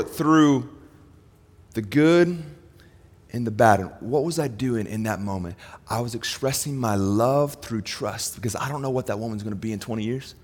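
A man preaching a sermon, swinging from loud, raised emphasis to quiet, low asides. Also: normal speed. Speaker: pastor. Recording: long hall reverb.

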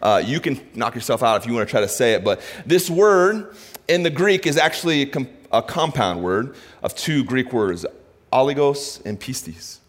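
A male pastor preaching a sermon, impassioned, swinging between loud, urgent preaching and hushed asides. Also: mid-range voice, expressive, normal speed. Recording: reverberant hall.

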